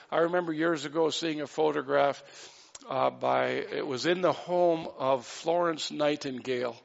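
A man's voice: a little high, moderate pace, gravelly, lo-fi sound. A man preaching a sermon in an earnest way, with light asides and acted-out quotes. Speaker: pastor.

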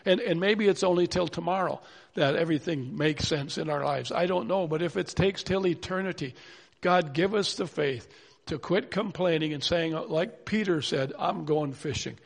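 A man's voice: fairly high pitch, normal speed, vocal fry. A man preaching a sermon in an earnest, pleading way, full of rhetorical questions. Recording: long hall reverb.

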